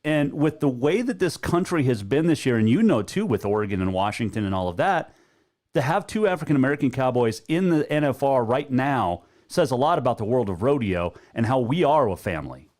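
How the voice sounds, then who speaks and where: A man's voice: medium pitch, big pitch swings, brisk, a little mellow. A man from Montana hosting a talk show and chatting in an easygoing way with a guest. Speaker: host.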